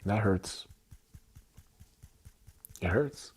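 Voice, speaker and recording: A man's voice: fairly low pitch, very slow, a little mellow, husky. A man leading an emotional tapping livestream, speaking in intense, repetitive affirmations with some swearing. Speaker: self-help livestreamer.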